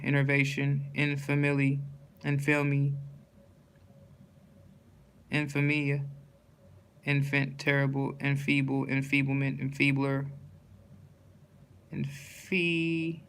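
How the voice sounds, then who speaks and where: A man reading dictionary entries aloud one by one in a steady list, stumbling and restarting on hard words. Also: mid-range voice, slow, long pauses, slight background noise.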